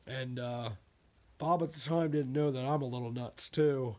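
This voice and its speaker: Man, writer, casual monologue, rambling, digressive, mid pitch. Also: steady tone, moderate pace, darkish tone. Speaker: writer talking about his books.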